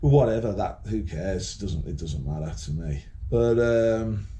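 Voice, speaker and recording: This Birmingham vlogger speaks to camera with his city's accent in a rambling, profane, combative monologue, repeating words and restarting often. His voice is on the low side, animated and mellow at a moderate pace, with a little hiss or hum in the recording.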